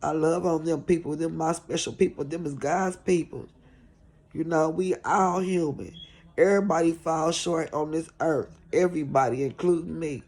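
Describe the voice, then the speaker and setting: A woman's voice: low voice, steady tone, normal speed, a little mellow. A middle-aged woman caregiver vlogging in an earnest, pleading, repetitive way about showing compassion. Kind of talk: heartfelt preachy vlog talk.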